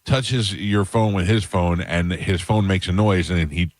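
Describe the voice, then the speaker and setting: A man's voice: low voice, unhurried, no room sound, clean studio sound. A man who is a father, co-hosting a radio show in laid-back casual chat.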